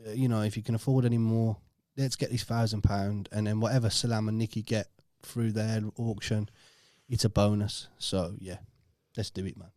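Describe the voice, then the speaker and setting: Laid-back Yorkshire man, mellow voice. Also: on the low side, fairly even intonation, moderate pace, hardly any pauses, dry recording, studio quality. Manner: laid-back, swears freely, laughs often. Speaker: podcast host. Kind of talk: casual podcast chat.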